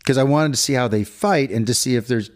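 A man's voice: mid-range voice, fast talker. A middle-aged man co-hosting a podcast, telling a long story in a rambling casual way and acting out the people in it. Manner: rambling storyteller, acts out quoted voices. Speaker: podcast co-host. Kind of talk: casual chat.

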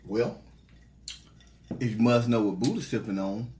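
A man's voice: medium pitch, a little slow, mellow. A man co-hosting a casual talk show, joking and laughing easily. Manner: laid-back, joking, laughs often. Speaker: co-host. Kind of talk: casual chat. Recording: roomy, a little noisy.

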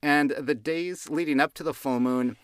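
A man hosting a casual astrology podcast, chatting in an unhurried way and laughing at his own jokes, on a close mic. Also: a little high, smooth, dry recording. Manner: giggly, self-amused, unhurried. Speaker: podcast host.

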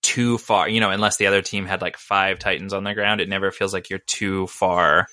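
Man, casual podcast chat, rambling and laughing, lowish pitch, dry sound. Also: flat delivery, a little fast, sharp tone, no room sound. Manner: rambling, lots of fillers and laughs. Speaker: podcast co-host. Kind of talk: casual chat about video games.

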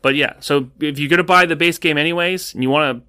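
Bright-voiced teasing male podcast host. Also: on the high side, fast talker, smooth. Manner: animated, teasing, laughs often. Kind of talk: casual chat.

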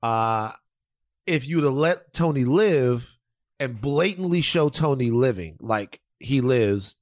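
A man's voice: mid-range voice, a little mellow, dry recording, studio quality. A man co-hosting a podcast, talking in a casual, opinionated way. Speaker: podcast co-host. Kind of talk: casual chat.

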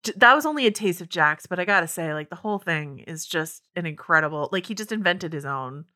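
A woman's voice: on the low side, quick pace. A woman co-hosting a podcast, chatting casually with jokes, laughs and lots of "like". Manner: animated, laughing, joking, lots of "like". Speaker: podcast co-host. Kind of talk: casual chat.

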